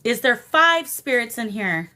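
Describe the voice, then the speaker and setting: A woman's voice: a little high, sing-song, measured pace. Woman hosting a paranormal livestream. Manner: warm, coaxing, talks to spirits and viewers. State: emotional. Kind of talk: live spirit-box session with chat.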